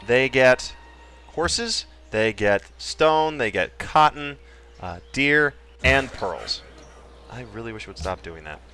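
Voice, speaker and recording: A man's voice: medium pitch, a bit bright, slight background noise. A man hosting a casual Let's Play, cracking jokes and trailing off into mumbled asides as he explains his moves. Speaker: gaming channel host.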